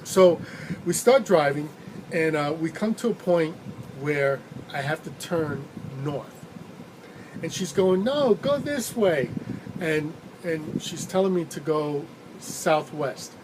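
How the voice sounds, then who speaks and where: A man's voice: fairly high pitch, takes it slowly, background noise. A male rideshare driver casually telling a rambling story, chuckling now and then as he goes. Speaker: rideshare driver and channel host.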